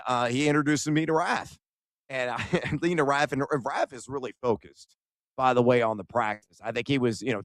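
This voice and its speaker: A man co-hosting a sports radio show, excitedly recounting his day at a basketball event and acting out the conversations. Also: medium pitch, no echo. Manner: animated storyteller, acts out quoted exchanges.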